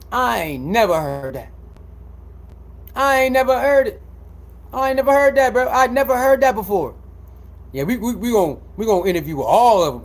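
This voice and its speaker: A man with a very high voice rants about sports critics, swearing freely and mocking them. He repeats the same lines over and over as his temper builds. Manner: repetitive, mocking, heated. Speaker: sports commentator. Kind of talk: profane commentary rant.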